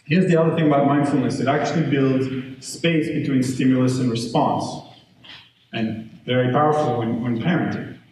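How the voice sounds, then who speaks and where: Male educator addressing parents live; lively storytelling, recorded from afar in a reverberant room with faint hiss. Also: mid-range voice, moderate pace. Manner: conversational, animated storytelling with audience check-ins. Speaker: educator giving a parenting talk. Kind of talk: live workshop talk to parents. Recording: echoey room, distant mic, faint noise.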